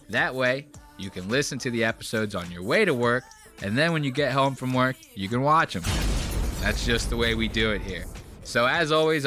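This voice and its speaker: A man's voice: medium pitch, sharp tone. A man hosting a podcast, reacting to clips in a loose, rambling, giddy way. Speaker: podcast host. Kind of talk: casual commentary on clips.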